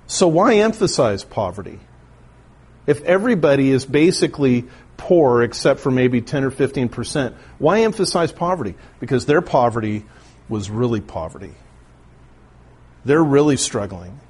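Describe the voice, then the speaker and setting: A man's voice: mid-range voice, darkish tone, breathy edge. A male pastor giving an earnest, explanatory sermon, often restarting his phrases. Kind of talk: expository sermon.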